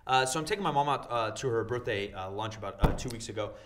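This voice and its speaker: A man's voice: medium pitch, fast talker, noisy background. A young man co-hosting a podcast, telling a story in casual chat and acting out the people in it, laughing and cursing as he goes. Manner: animated storyteller, mimics others in his anecdotes. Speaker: podcast co-host.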